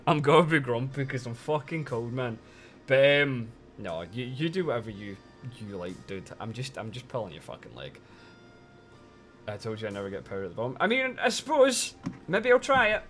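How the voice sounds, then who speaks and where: A man's voice: medium pitch, expressive, moderate pace, faint music behind. A man chatting casually on a live stream, teasing his chat and swearing a lot while complaining that he is cold.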